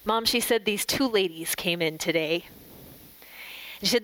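Middle-aged woman giving a devotional, gentle and reflective, voice not high or low. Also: unhurried, pauses often, no echo, rough recording. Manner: gentle and reflective, livelier while telling a story. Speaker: devotional speaker. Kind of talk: devotional talk with story and prayer.

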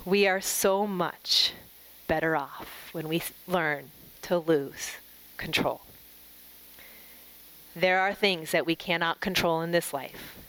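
A middle-aged woman giving a devotional talk, gentle and reflective, telling a family story and closing in prayer. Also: on the low side, slow, pauses often, low-quality recording. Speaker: devotional speaker.

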